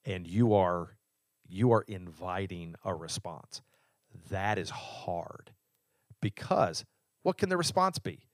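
A man's voice: low-pitched, lively intonation, slow pace, no room sound, clean studio sound. A man co-hosting a faith podcast, explaining earnestly and reflectively, often restarting his sentences. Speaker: podcast co-host. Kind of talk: casual faith discussion.

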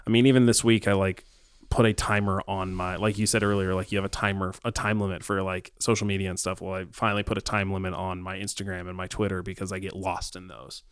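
A man co-hosting a casual faith discussion, talking reflectively with many pauses and ums. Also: low-pitched, little pitch movement, clear, resonant tone, no echo, studio quality.

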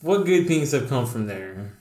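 A man's voice: medium pitch, very animated, unhurried, dark tone. A young man co-hosting a casual podcast chat, rambling and swearing as he tells a story and laughs along. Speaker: podcast co-host. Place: indoor room. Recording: roomy echo.

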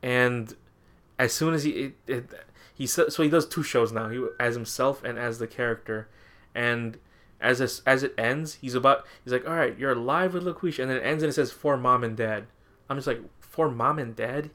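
A man's voice: medium pitch, fairly even intonation, moderate pace, a bit bright. Rambling, laughing podcast host man. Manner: rambling, laughs often, quotes himself. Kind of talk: casual chat.

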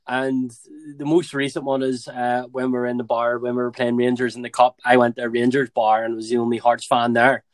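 A man talking easily as a podcast guest, laughing often and filling his pauses with ums and uhs. His pitch is ordinary. The recording is dry and close, with no room sound. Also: level tone, no room sound. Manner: easygoing, laughs often, many fillers. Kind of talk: casual chat.

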